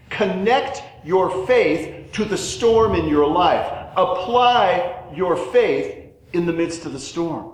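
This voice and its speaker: A middle-aged man preaching a sermon in an echoey room. His voice sits a little high for a man, and he builds to loud questions before dropping to soft, low single words. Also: animated, slow. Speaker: pastor.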